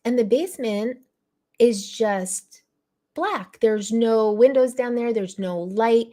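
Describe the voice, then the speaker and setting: A woman's voice: on the high side, darkish tone. Upset woman rambling through a story. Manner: rambling, emotional, with frequent fillers and throat clearing. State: tearful, upset. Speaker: live stream host. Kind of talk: casual live-stream storytelling.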